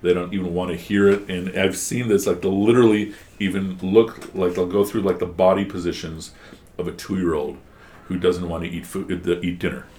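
A man's voice: sits low, steady tone, moderate pace, a little mellow, slight background noise. A man teaching a one-on-one class, explaining patiently and asking guiding questions.

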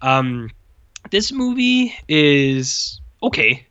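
Casual male podcast host, rambling and laid-back, bright edge, lo-fi recording. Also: on the high side, sing-song, extremely slow, clean tone. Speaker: podcast host reviewing movies. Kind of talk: casual chat.

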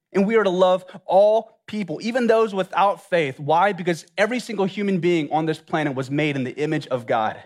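A man from Louisiana, preaching an earnest sermon and asking the listeners many reflective questions. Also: fairly high pitch. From Louisiana, USA. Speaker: pastor.

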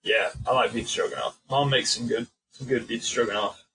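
A man's voice: mid-range voice, steady tone, brisk, pushed and bright, breathy edge, poor audio. A young man co-hosting a podcast, talking in an easygoing, agreeable way with frequent fillers. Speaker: podcast co-host. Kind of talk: casual chat.

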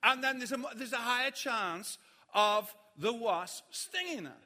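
A man preaching a sermon, telling a funny story and acting out the panic of others in shouts. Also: very high-pitched, lively intonation, unhurried. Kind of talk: sermon with humorous anecdote. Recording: hall reverb.

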